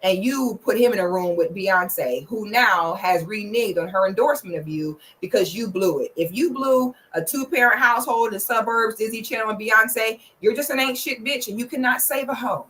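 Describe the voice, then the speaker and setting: A young woman giving blunt, profane, big-sister style commentary in a casual vlog, slipping into loud playful shouting now and then. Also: normal speed, few pauses, slight background noise, rough recording. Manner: bursts into loud playful shouting when pitching her membership. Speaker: vlogger commenting on celebrity relationships.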